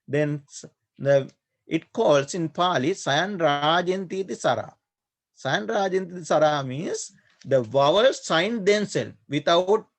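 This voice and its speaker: A male monk teaching a grammar class in a slightly raised voice with a gravelly edge. He speaks slowly, repeating each term and stopping often with filler sounds. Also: a little high. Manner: slow, repetitive, hesitant with many fillers. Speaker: Pali teacher, Buddhist monk. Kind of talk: online class lecture.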